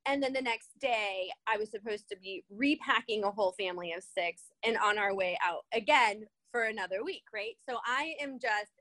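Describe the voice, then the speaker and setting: A woman's voice: mid-range voice, normal speed, few pauses, fairly bright tone, dry recording. A woman telling stories animatedly in a casual conversation, often laughing as she talks.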